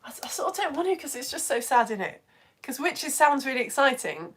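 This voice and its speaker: Woman, high lively voice, chatty, excitable, reads live comments, laughs a lot. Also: a little fast. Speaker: educator reading live comments. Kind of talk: casual live-stream chat.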